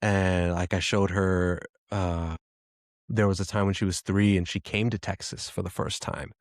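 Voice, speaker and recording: A man in his thirties hosting a podcast, telling a personal story in a reflective, halting way with frequent restarts. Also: low voice, flat delivery, no echo, clean studio sound. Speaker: podcast host.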